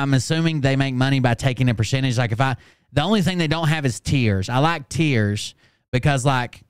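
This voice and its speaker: A man's voice: mid-range voice, clean tone, no room sound, clean studio sound. Rambling, casual male stream host. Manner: rambling, filler-heavy, offhand. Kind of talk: casual live stream chat.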